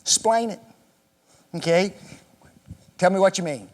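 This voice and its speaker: A man's voice: high voice, expressive, measured pace. A man teaching an interactive Bible class in a church classroom, quizzing the group with questions and joking with them. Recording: echoey hall reverb.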